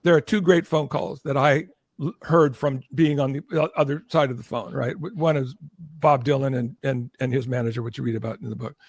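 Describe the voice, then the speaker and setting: An older man, a former record promotion executive, telling animated stories as a guest and acting out the people in them. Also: fairly quick, no echo. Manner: acts out quoted voices, rising high and loud. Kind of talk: animated storytelling.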